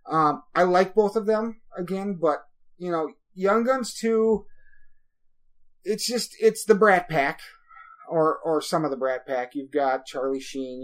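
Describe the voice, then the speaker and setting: A man hosts a podcast in a loose, chatty style. He rambles through his stories, leaning on plenty of ums and uhs as he goes. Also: sits high. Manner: rambling, chatty storytelling with frequent fillers. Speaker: podcast host. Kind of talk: casual podcast chat.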